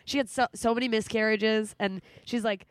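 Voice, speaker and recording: A woman in her thirties hosts a podcast in casual chat, candid and emotional, swearing freely. Her voice sits a little high, and the sound is dry and close, with no room around it. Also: fairly even intonation, moderate pace, dry recording. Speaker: podcast host.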